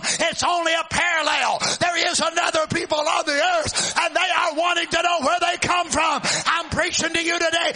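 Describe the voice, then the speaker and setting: A man preaching a sermon. He shouts fervent exclamations and moves into folksy storytelling. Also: very high-pitched, vocal fry, slight background noise.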